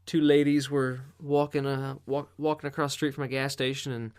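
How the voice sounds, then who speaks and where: A man's voice: medium pitch, level tone, brisk, darkish tone, clear, resonant tone. A man hosting a podcast, delivering a casual, profanity-laden monologue full of exasperation. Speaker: podcast host.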